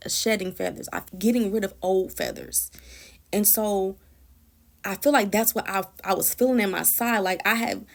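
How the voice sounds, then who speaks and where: Earnest woman with a gravelly edge. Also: mid-range voice. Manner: emotional, earnest, repeats and restarts phrases. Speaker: Christian encourager sharing a prayer testimony. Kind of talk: personal testimony, conversational storytelling.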